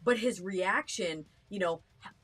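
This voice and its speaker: A woman's voice: mid-range voice, unhurried, a bit bright, slightly rough. A woman co-hosting a live stream, reasoning through a point with hesitant restarts. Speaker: co-host of a live reaction stream. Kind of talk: casual discussion.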